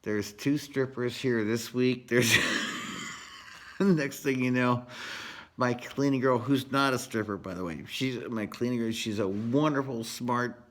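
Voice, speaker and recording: A man's voice: medium pitch, a little slow. A man vlogging a casual, profane and rambling rant about his home project from his unfinished garage. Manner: profane, rambling, laid-back storytelling.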